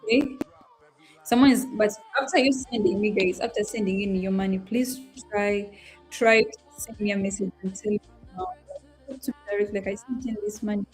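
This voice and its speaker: A woman's voice: medium pitch, fairly quick, a little mellow, husky. Young woman, livestream host, emotional, apologetic, talking to herself, faint music behind. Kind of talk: casual livestream chat to viewers.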